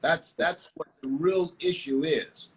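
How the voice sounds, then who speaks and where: A man's voice: a little high, steady tone, takes it slowly, a little hiss or hum, poor audio. An older man from the United States, a motivational speaker telling stories in a live online interview, emphatic and repetitive. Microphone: live video call.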